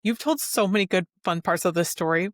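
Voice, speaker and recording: A woman's voice: on the low side, a little fast, no room sound, clean studio sound. A woman hosting a podcast, reacting to her guest with gushing enthusiasm. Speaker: podcast host. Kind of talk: casual interview chat.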